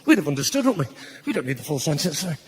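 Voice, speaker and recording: A middle-aged man with a Northern English accent doing live stand-up comedy in a theatre, bantering with the audience and breaking into loud outbursts. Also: a little high, big pitch swings, rapid-fire, a little hiss or hum. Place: theatre stage.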